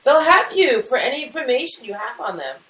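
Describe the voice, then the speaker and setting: A woman's voice: high-pitched, sing-song, fairly quick, fairly bright tone. A woman co-hosting a comedy talk show, chatting casually with incredulous remarks. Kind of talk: casual chat. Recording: roomy, distant from the mic.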